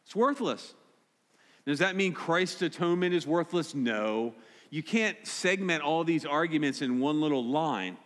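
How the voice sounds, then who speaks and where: Direct, emphatic pastor in a reverberant hall. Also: male voice, on the high side, animated, unhurried, a bit bright. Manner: direct, emphatic, repeats key words. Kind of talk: sermon. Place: church sanctuary.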